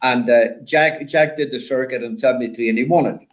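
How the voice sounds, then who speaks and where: An older man, a former rally driver, telling stories in a rambling, animated way with lots of repeated words. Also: medium pitch, fairly quick, rough recording. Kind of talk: casual storytelling chat.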